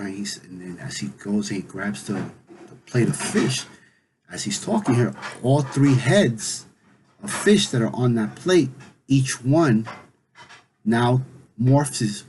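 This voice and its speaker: A man's voice: fairly low pitch, darkish tone, a little hiss or hum, poor audio. Man telling a legend in a casual voice. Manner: conversational, full of "you know" fillers. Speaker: storyteller. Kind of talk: casual oral storytelling.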